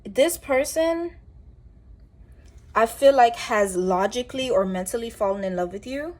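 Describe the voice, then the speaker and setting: A woman's voice: fairly high pitch, a little slow. Chatty woman giving a tarot reading. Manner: chatty, rambling, animated asides with laughs. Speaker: tarot reader.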